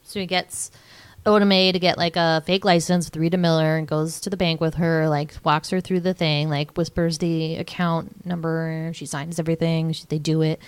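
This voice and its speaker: Lower-voiced woman in her thirties, chatty. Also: level tone, moderate pace, clear, resonant tone, no room sound. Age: 30s. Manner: chatty, swears freely, acts out quotes. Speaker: podcast co-host. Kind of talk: casual movie recap chat.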